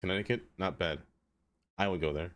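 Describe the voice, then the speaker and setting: A man's voice: low-pitched, fairly quick, a bit bright. A man streaming live in casual chat, rambling and answering viewers by name, with lots of "like" fillers. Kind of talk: casual live-stream chat while playing a city-building game.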